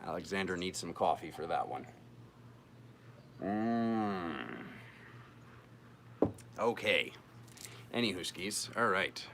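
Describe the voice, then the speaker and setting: A man's voice: deep voice, animated, slow, long pauses, background noise. A man hosting a live-streamed tarot reading, chatting playfully and joking with his viewers as he works through the cards.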